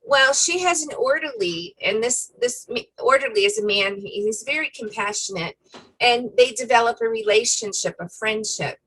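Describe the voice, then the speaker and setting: Woman co-host telling a story, lively and chatty, a bit higher voice. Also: normal speed, slight background noise, rough recording. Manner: animated storyteller, many fillers. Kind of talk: casual faith discussion chat.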